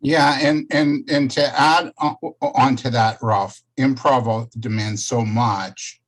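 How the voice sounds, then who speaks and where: Husky-voiced man in easygoing chat. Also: mid-range voice, fairly even intonation, takes it slowly. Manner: affirming, builds on the other speaker and hands questions back. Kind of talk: conversational interview.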